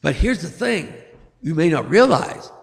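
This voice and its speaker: Preaching with unhurried delivery, this male pastor has a somewhat high, sing-song and creaky voice. His sermon is full of stories in which he performs different voices with mounting emphasis, all carried by a long hall reverb.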